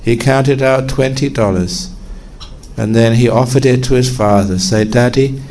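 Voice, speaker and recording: A man, a Buddhist teacher, giving a sermon and telling a parable as a relaxed storyteller whose pitch climbs as the story builds. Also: measured pace, a little hiss or hum. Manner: relaxed storyteller with lively swings into higher pitch.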